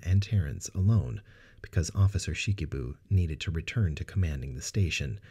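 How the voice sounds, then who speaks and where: Deep, husky male storyteller. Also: mellow. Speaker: narrator. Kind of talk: scripted audiobook narration.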